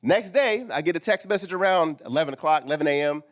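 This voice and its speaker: Guy telling a story at a live event, higher voice, acts out all the back and forth. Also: fast, hardly any pauses. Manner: animated, acts out quoted dialogue. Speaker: speaker at a men's summit. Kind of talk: storytelling talk.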